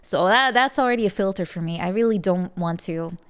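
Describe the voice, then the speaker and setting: A woman's voice: mid-range voice, brisk, clean tone. Giggly woman streamer chatting. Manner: giggly, laughs often between remarks. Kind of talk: casual chat with live viewers.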